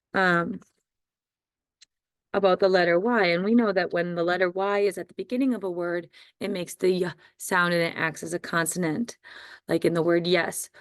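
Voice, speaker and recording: A woman's voice: medium pitch, no echo, studio quality. A woman teaching a recorded phonics lesson to first graders, patient and repeating words with frequent ums and okays.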